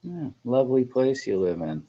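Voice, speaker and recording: A man's voice: mid-range voice, big pitch swings, normal speed, dark tone. A man hosting a casual livestream chat, joking with viewers and laughing often. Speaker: host. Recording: dull lo-fi stream audio with faint noise.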